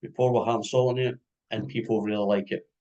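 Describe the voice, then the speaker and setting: Scottish man, lively interviewer. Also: fairly low pitch, a little fast, muffled recording. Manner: animated storyteller, swears and jokes. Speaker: music interviewer. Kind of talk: casual interview chat.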